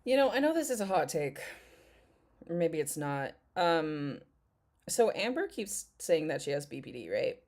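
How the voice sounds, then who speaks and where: A woman's voice: deep voice, big pitch swings, unhurried, darkish tone. A woman vlogger chatting casually in commentary, candid and opinionated, hedging with fillers.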